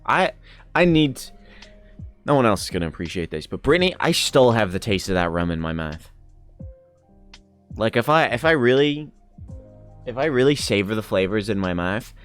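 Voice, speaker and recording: A young man streams live, speaking in a lowish voice with lively intonation while faint music plays. He banters loosely with his viewers, reacting to their chat, rambling playfully and quickly laughing or arguing for fun.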